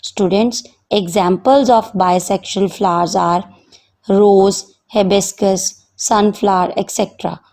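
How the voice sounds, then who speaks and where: A woman's voice: mid-range voice, fairly even intonation, slow, darkish tone. A woman teacher with an Indian English accent, giving a recorded science lesson and dictating definitions while often addressing her students.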